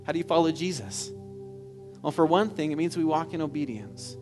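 Male pastor, sermon delivery, earnest and fervent, a touch high-pitched, faint music underneath. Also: expressive, brisk. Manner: earnest, building to fervent exclamation.

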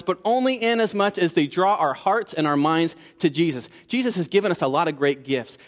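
A man preaching a sermon in a conversational style, building to emphatic peaks and dropping low for asides. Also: big-room sound. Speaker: pastor.

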